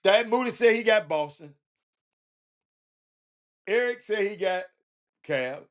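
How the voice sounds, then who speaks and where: His voice is high and slow as he hosts a casual sports talk livestream. The man has a Houston, Texas accent, and he's animated, laughing often and talking straight to his chat.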